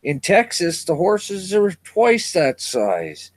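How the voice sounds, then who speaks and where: A man doing a boastful Texan rancher from a told joke, drawing out every brag in a lifted, higher voice. The delivery is slow and deliberate. The sound is dry and close, with no room around it. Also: wildly swooping pitch, no room sound, exaggerated voice. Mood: bragging.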